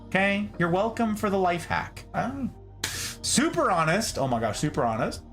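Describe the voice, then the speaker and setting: A man from Nevada chatting casually on a livestream as he reads his chat, joking and swinging between high and low voices. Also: wildly swooping pitch, normal speed, a bit bright, soft background music. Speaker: streamer reading chat.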